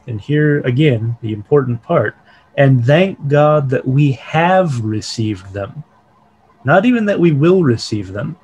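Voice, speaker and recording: A man leading an online Bible study over a video call. He reads quoted passages aloud and then explains them calmly. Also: mid-range voice, breathy edge, poor audio.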